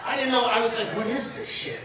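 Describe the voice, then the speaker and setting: A man's voice: extremely high pitch, steady tone, fairly quick. A man, doing a blunt, profane stand-up comedy set full of asides. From Long Island, New York. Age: 50s. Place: comedy club or event room with live audience. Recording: echoey room, captured from far off with crowd noise.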